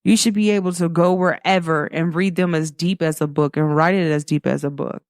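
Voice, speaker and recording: A woman's voice: lowish voice, fairly quick, no room sound, studio quality. A young woman, hosting a casual spiritual pep talk and acting out quoted voices with frequent laughs. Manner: animated storytelling, acts out quoted voices, laughs often. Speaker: host.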